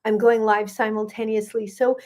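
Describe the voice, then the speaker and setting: A middle-aged woman, a gut health coach, chatting warmly and greeting viewers by name as she hosts a livestream. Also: mid-range voice, little pitch movement, moderate pace.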